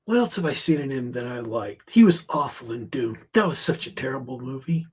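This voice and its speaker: A man's voice: mid-range voice, expressive, fairly quick, husky. A man co-hosting a podcast, chatting casually with wry, joking asides. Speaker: podcast co-host. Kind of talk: casual chat.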